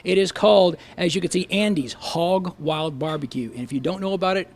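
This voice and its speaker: A man's voice: high-pitched, fairly quick. A man hosting a local business TV show, chatty and folksy, joking with his guest. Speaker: host.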